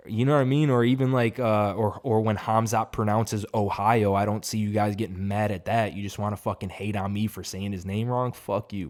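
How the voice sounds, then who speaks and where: Low-voiced man swearing through a fight reaction. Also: darkish tone. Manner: profane, emphatic, rambling. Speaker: MMA reaction host. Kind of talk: casual fight reaction commentary.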